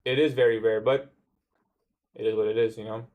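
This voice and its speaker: A man's voice: on the low side, fairly even intonation, fairly quick, darkish tone. A young man chatting casually on his day-trading livestream, answering viewer comments in a laid-back way. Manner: laid-back, says "bro" often, talks back to chat.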